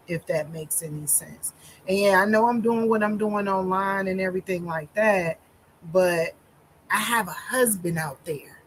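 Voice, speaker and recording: A woman minister telling her own story in a slow, deliberate monologue with many pauses and fillers, holding back tears. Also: mid-range voice, slight background noise, low-quality recording.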